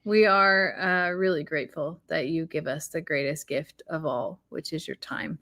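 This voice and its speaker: A woman co-hosting a casual chat, speaking candidly and gratefully in a soft voice. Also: deep voice, normal speed. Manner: candid, soft-spoken, thankful. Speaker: co-host.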